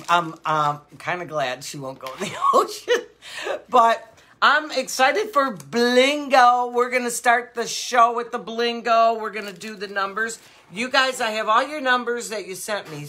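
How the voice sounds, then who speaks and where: A woman's voice: mid-range voice, a little hiss or hum. An older woman hosting a live jewelry sale show, chatting casually and rambling through stories with frequent laughs. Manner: animated, with many fillers. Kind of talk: casual chat.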